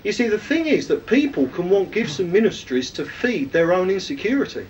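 Man, preacher, high and animated voice, emphatic teaching sermon. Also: fairly quick, far from the mic, slight background noise, low-quality recording. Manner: lively, emphatic teaching with frequent questions to listeners. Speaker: preacher teaching a weekly series.

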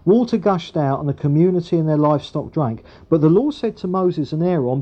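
A man's voice: a little high, animated, brisk, hardly any pauses. A man preaching a sermon and reading scripture aloud. He talks in a conversational way, with frequent asides and tag questions. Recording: dull lo-fi recording.

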